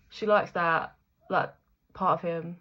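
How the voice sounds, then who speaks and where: A woman's voice: fairly low pitch, fairly even intonation, slow, lo-fi sound. A young woman giving a casual, chatty spiritual reading, full of fillers, the odd swear word and frequent laughter. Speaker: intuitive reader.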